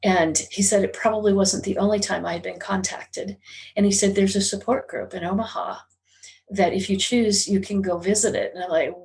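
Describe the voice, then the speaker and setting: This is a middle-aged woman with a voice of ordinary pitch, talking as a guest on an interview podcast. She tells a personal story in an earnest, confessional manner. Her delivery carries a steady undercurrent of emotion. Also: moderate pace, creaky. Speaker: guest, psychic medium.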